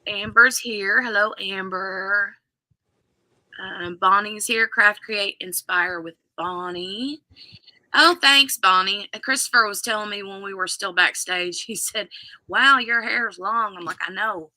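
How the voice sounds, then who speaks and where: A woman's voice: mid-range voice, a little slow, sharp tone, no echo. A woman hosting a casual live stream, chatting and greeting viewers by name. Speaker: livestream host.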